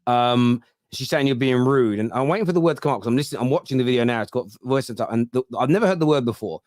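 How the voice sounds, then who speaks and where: A man's voice: mid-range voice, lively intonation, fast talker, a little mellow, no echo, studio quality. A middle-aged man with a Cockney accent, chatting casually on a football podcast and telling stories with plenty of restarts. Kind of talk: casual chat.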